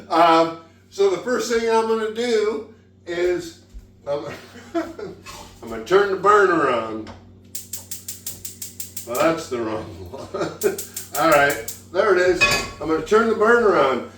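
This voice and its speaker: A man's voice: sits high, lively intonation, slow pace, long pauses, fairly bright tone, recorded from a distance. Tipsy man rambling in an echoey kitchen. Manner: rambling, giggly, swears freely. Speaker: home cook, vlog host. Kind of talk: casual tipsy cooking vlog. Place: home kitchen.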